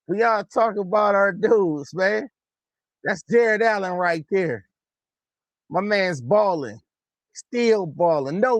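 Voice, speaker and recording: A man hosting a casual reaction show, talking excitedly and in slang over game highlights and repeating himself. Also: no room sound. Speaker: host of a basketball reaction channel.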